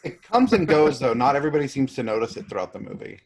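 Podcast co-host, man, mid-pitched, relaxed, a bit hesitant. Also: fast, vocal fry, breathy edge. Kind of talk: casual chat.

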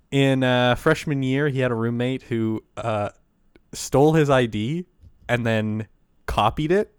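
Man, casual podcast storyteller, smooth clear voice, dry close sound. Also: mid-range voice, slow, no room sound. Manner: laid-back, swears freely, laughs often. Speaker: podcast co-host.

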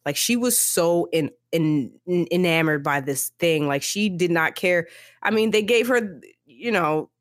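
A woman co-hosting a podcast, telling the story in a lively, casual way full of "like" fillers. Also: lowish voice, unhurried, no room sound, clean studio sound. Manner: animated storytelling, many "like" fillers, acts out characters. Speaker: podcast co-host. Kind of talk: casual book-discussion chat.

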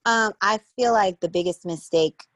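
A woman's voice: medium pitch, moderate pace, a bit bright, dry recording. A woman in her thirties with an American accent, chatting casually as an interview guest, full of fillers. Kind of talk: casual conversation.

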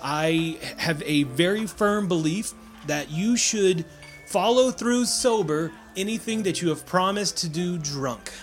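A man voicing a polite young nobleman in a tabletop game, speaking in measured, formal phrases. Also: high-pitched, expressive, soft background music, pitched above the performer's own voice. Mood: contrite.

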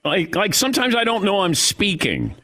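A man hosting a sports radio show, teasing his guest and laughing often. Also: moderate pace. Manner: teasing, laughs a lot, wildly lively pitch. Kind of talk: casual radio banter. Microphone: studio broadcast mic.

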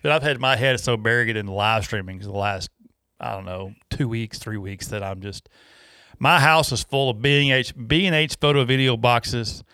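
A man's voice: mid-range voice, moderate pace, pushed and bright, clean tone, no room sound, studio quality. A man hosting a podcast in casual, rambling chat, laughing and restarting his sentences. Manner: rambling, laughing, self-interrupting. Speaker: podcast host.

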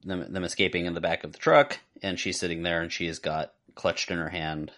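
Speaking briskly, a deep-voiced man talks through a movie on a relaxed podcast as a co-host. His talk wanders, with restarted sentences, backtracking and plenty of fillers.

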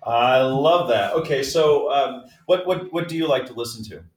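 A man's voice: medium pitch, moderate pace. A man co-hosting a podcast interview, asking questions and wrapping up with thanks, recorded in a roomy way from off the mic. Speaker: co-host. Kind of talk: casual interview chat.

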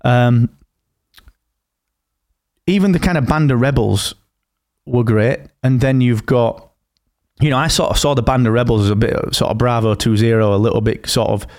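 A man in easy podcast conversation, taking his time and circling back to his points. His speech is loose and full of blunt slang. His voice sits in an ordinary middle pitch. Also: moderate pace. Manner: relaxed and rambling, with blunt slang. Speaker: podcast co-host. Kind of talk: casual chat.

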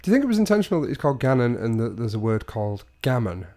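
A man co-hosting a casual gaming podcast, full of cheeky jokes and quick banter. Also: medium pitch, big pitch swings, dark tone. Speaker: podcast co-host. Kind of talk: casual chat about video games.

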